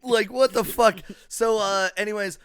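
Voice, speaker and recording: A man co-hosting a comedy podcast, with a somewhat high voice. He tells stories in a rambling, animated way and swears often. His voice sounds dry and close to the mic. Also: moderate pace, clean tone, no room sound. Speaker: podcast co-host. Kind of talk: casual comedic chat.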